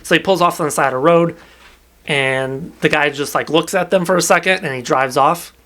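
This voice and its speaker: A man's voice: fairly high pitch, brisk, a bit bright. A young man casually retelling a novel's plot on a podcast, rambling with lots of fillers and the odd swear. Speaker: podcast co-host recapping a novel. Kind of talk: casual chat.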